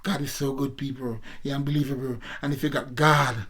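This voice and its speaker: A man's voice: medium pitch, level tone, brisk, fairly bright tone, slightly rough. Jamaican man around sixty preaching to viewers. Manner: preachy, repetitive, keeps addressing viewers as people. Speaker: former amateur boxer vlogger. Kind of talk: casual vlog monologue.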